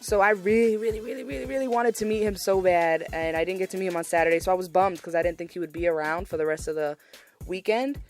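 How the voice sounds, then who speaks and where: A young woman with a fairly low voice chats casually through a solo podcast recap. She gushes and repeats words for emphasis. Soft music plays faintly under her talk. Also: fairly even intonation, quick pace. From Massachusetts, USA. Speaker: podcast host.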